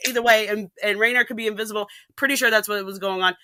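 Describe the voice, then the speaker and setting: A woman ranting animatedly in a casual podcast chat, with quick asides and restarts. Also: on the high side, a bit bright, no room sound. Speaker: podcast guest.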